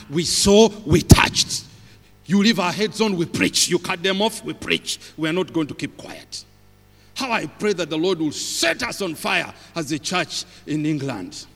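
A high-voiced man with a Ugandan accent preaches as a visiting pastor, his voice rising and falling widely as he tells humorous stories. The sound has a long church reverb that trails after each phrase. He keeps an animated, storytelling manner throughout. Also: vocal fry. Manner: animated, humorous, stops to laugh. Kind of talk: sermon with storytelling.

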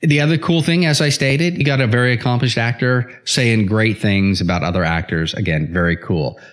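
A man hosting a casual podcast who chats in an animated way, laughs often and restarts his sentences. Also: mid-range voice, fairly quick. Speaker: podcast host. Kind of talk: casual chat.

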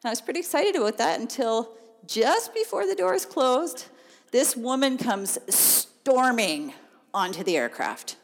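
A woman telling a personal story in an animated, chatty way, laughing often. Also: a little high. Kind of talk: storytelling testimony. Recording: long reverb of a large hall.

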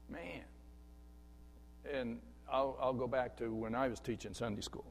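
A man's voice: medium pitch, steady tone, a little slow, vocal fry, long pauses, in a large hall, a little hiss or hum. A male pastor giving a conversational sermon in a church sanctuary, acting out the thoughts of a churchgoer. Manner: conversational preaching with acted-out inner thoughts.

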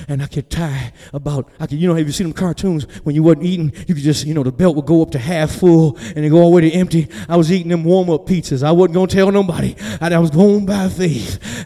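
A male pastor with a fairly high voice preaches in a church, moving between animated storytelling, jokes and rising shouts. The hall adds a long, lingering reverb. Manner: animated storytelling, builds to shouting, joking asides. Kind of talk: sermon.

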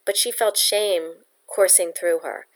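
Woman reading a novel aloud, lowish voice. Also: fairly even intonation, slow pace. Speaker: audiobook narrator. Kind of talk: audiobook reading.

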